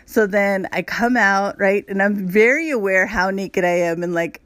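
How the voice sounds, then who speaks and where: A woman's voice: mid-range voice, moderate pace, fairly bright tone, no echo. A woman hosting a podcast, telling a personal story in a candid, chatty way, full of "like" and asides to her listeners. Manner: candid, chatty, addresses listeners as "you guys"; frequent "like" fillers. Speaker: podcast host. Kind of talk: casual storytelling monologue.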